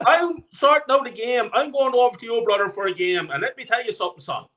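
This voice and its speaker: High-pitched, angry, swearing caller. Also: male voice, quick pace, bright, forceful tone. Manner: angry, profane, repetitive ranting. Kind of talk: ranting call-in chat.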